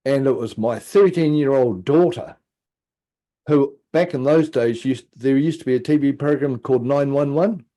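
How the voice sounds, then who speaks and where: A middle-aged man speaks at normal speed as a podcast guest, animatedly and casually telling a personal story. He acts out what people said and drops into low asides.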